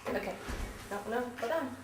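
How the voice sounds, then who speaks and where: A woman's voice: on the high side, animated, normal speed. A mother coaxing her baby girl to walk, cooing in baby talk, laughing and close to tears. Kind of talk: home video, coaxing a toddler. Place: living room at home. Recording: echoey room with background noise.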